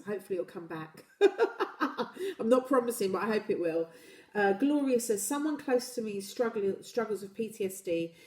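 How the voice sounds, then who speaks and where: A woman hosting a live talk show, chatting warmly through viewer comments and laughing easily. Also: medium pitch. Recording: echoey room.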